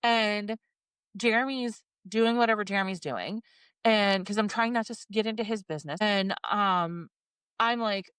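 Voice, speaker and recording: A woman's voice: mid-range voice, normal speed, fairly bright tone, clear, resonant tone, no echo. A woman in her forties talking candidly and emotionally, swearing and acting out her own inner thoughts in a podcast chat. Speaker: podcast co-host.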